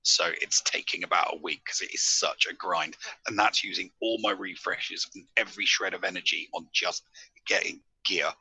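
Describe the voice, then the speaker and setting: A man's voice: low-pitched, steady tone, normal speed, creaky, bright, forceful tone, husky, no room sound, poor audio. A man, chatting casually on a live gaming stream and correcting himself as he rambles. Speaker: co-host panelist.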